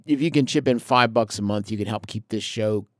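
Excitable man chatting on a podcast. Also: on the low side, a little fast, no room sound, studio quality. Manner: excitable, laughs often. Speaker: podcast co-host and player. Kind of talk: casual chat.

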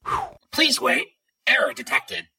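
A man's voice: very high voice, wildly swooping pitch, measured pace, creaky, distant mic, over loud music, voice pushed up, full character voice. A man voicing a smug, taunting male quiz-master robot in a tabletop game.

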